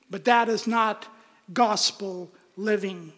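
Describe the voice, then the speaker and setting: A pastor preaching an earnest, emphatic sermon in a church. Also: male voice, extremely high pitch, a little slow. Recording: long hall reverb.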